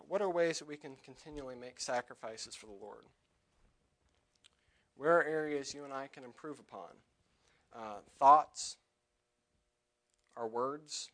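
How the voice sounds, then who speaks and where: A young lay preacher with a medium-pitched voice delivers a sermon in church. He gets loud when quoting scripture but turns quieter and halting during his personal asides.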